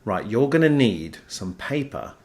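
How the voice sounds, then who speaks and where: A man's voice: lowish voice, big pitch swings, a little slow. A man leading a children's music lesson, playful and cheerful, asking the young audience questions as he goes. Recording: echoey room, mic at a distance.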